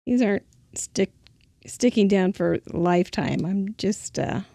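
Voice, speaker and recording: Lady host chatting while crafting, kinda gravelly, dry close sound, laughs a lot. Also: mid-range voice, measured pace, mellow, no room sound. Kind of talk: casual crafting chat.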